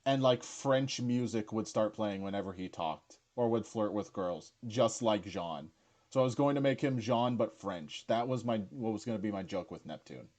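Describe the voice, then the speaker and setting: A man's voice: lowish voice, expressive, moderate pace, darkish tone. A young man chatting casually as he rewatches his own series, stammering, restarting and laughing easily.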